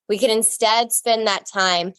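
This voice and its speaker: A woman's voice: on the high side, fairly even intonation, unhurried, clean tone, no echo. A woman in a casual podcast conversation, speaking reflectively and explaining ideas through quotes and examples.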